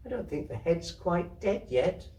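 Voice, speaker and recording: Storybook voice: gentle curious young boy, put on by a male reader, lively and bright, distant roomy mic. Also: high voice, a little slow, voice pushed up. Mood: wondering. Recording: roomy, distant hall recording.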